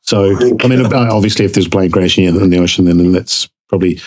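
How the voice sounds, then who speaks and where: A man with a New Zealand accent, a podcast guest telling a story casually and animatedly, jumping up in pitch to act out dialogue. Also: quick pace, a little mellow, poor audio.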